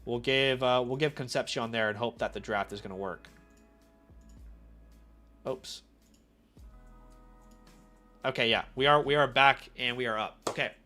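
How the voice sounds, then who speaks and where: A man with a cold hosting a casual live stream, chatty and animated, often asking his viewers questions directly. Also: mid-range voice, unhurried, pauses often, faint music behind. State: has a cold. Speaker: fantasy football live-stream host.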